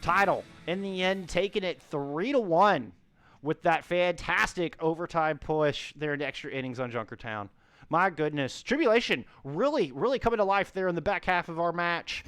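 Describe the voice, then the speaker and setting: High-voiced man calling esports play-by-play. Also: animated, clean tone, no room sound. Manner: rapid, rising to shouts at big plays. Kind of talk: live esports play-by-play commentary.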